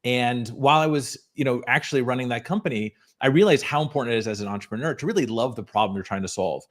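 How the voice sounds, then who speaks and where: A man interviewed as a company founder over a video call, fluent and explanatory. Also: medium pitch. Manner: fluent, explanatory, fast storytelling.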